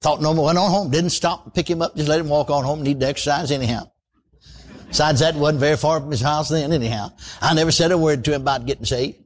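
A man's voice: fairly high pitch, steady tone, quick pace. A man preaching a sermon in a folksy style, often exclaiming praise and asking for amens. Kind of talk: radio sermon.

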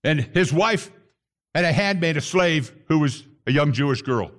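Preaching as a messianic pastor, a man gives an animated sermon sprinkled with Hebrew terms, occasionally building to shouts. His voice is a little high and his pace moderate.

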